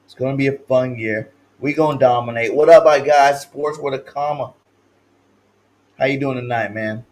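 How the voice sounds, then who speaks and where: A man from California hosting a livestream sports talk show, slangy and hyped, swinging between loud shouted chants and low mumbled asides. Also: moderate pace, rough recording. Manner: slangy, repeats catchphrases.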